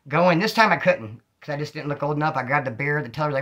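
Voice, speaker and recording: A man's voice: fairly high pitch, rapid-fire, highs cut off. A man casually telling stories from his past in heavy street slang, acting out what people said. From California. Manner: streetwise slang, animated, acts out quotes. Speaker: storyteller recounting prison life. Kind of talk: casual storytelling monologue.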